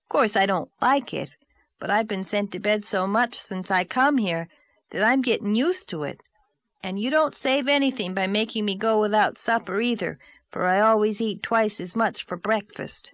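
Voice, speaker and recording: A woman's voice: mid-range voice, normal speed, no room sound, pitched above the performer's own voice, natural voice. A woman voicing a blunt, aggrieved six-year-old boy in a storybook reading. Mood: scornful. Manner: childish, plaintive, matter-of-fact.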